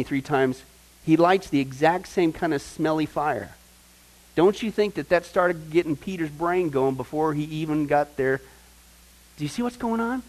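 A man's voice: fairly high pitch, normal speed, rough recording. A man teaching a Bible study in a conversational, emphatic way, often checking in with "right?" and "okay?". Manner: emphatic, builds to excited points.

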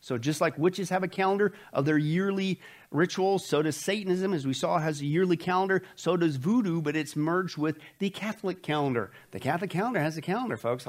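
A male pastor teaching a Bible study in a sermon style, emphatic and conversational. His voice sits a little high for a man. He keeps asking his listeners questions and answering them himself. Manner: folksy, says okay often.

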